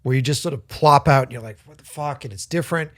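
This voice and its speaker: On a dry, clean studio recording, a fast-talking man with a mid-range voice spins a profane, meandering tale as a podcast co-host. He brings it to life by quoting and performing the other characters' voices.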